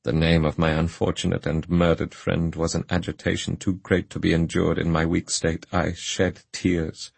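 Deep, husky male audiobook narrator. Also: little pitch movement, normal speed, hardly any pauses, no room sound. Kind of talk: scripted first-person narration.

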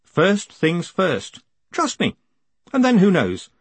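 A man's voice: high-pitched, huge pitch swings, takes it slowly, breathy edge, no room sound, voice pushed up, heavily acted. A man playing a charming, restless male con man who talks in a glib, self-mocking way. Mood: wry.

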